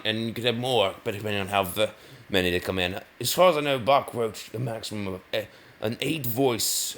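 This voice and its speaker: A man's voice: fairly low pitch, bright, forceful tone. A man giving rambling commentary over gameplay, often correcting himself mid-sentence. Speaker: gaming video host.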